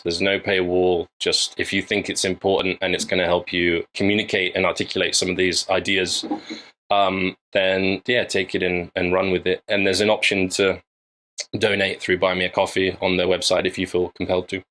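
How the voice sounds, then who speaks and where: A man's voice: deep voice, bright, forceful tone, poor audio. A man from England, a filmmaker guest, talking casually over a video call and thinking aloud with many fillers and restarts. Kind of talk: casual interview chat.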